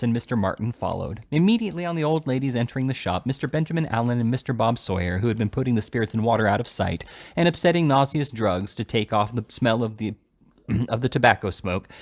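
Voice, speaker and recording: A man reading a classic novel aloud in an expressive storytelling manner. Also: medium pitch. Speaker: audiobook reader.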